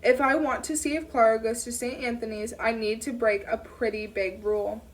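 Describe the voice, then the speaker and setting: A woman narrating a first-person audiobook in a steady reading voice, now and then correcting herself. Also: a little high, moderate pace, distant mic. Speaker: audiobook reader.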